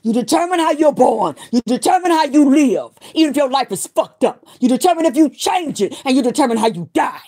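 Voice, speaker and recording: A middle-aged woman with a fairly high voice delivers a profane livestream rant. She sounds defiant and preachy, stacking up short emphatic declarations one after another. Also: very animated, a little fast, hardly any pauses, dark tone.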